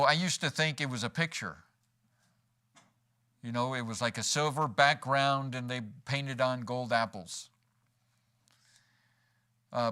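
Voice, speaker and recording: Preaching in a church sanctuary, a male pastor speaks at a medium pitch with a pushed, bright quality. He jokes in a folksy manner and acts out quoted lines along the way.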